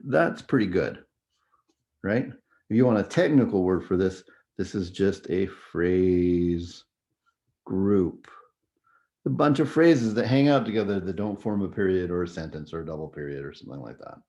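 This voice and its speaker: A man with a deep, mellow voice explains music theory concepts to his students in an easygoing lecture. He keeps checking that they follow along. The recording sounds muffled and lo-fi. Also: animated, moderate pace. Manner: explanatory, conversational, frequent "right?" and "okay?" checks.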